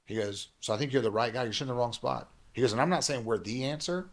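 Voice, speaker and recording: Fast-talking man telling a story. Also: mid-range voice. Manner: fast animated storytelling, acting out quoted dialogue. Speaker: pastor. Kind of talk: telling a personal story as a guest.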